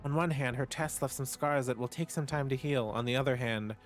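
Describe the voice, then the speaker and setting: A man's voice: mid-range voice, soft background music. Casual male streamer reading game text. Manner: casual, with quick offhand asides to chat.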